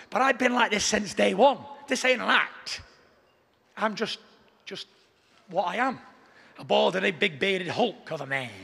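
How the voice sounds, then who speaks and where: A man's voice: high-pitched, gravelly, pushed and bright, husky, big-room sound. A man from Britain, a boxer boasting and taunting at a press conference. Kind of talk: press conference trash talk.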